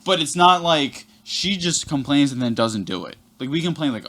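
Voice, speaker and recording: A man's voice: fairly high pitch, animated, moderate pace, fairly bright tone. A young man telling a rambling workplace story on a podcast, swearing constantly and talking animatedly. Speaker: podcast guest. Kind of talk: casual podcast chat, storytelling.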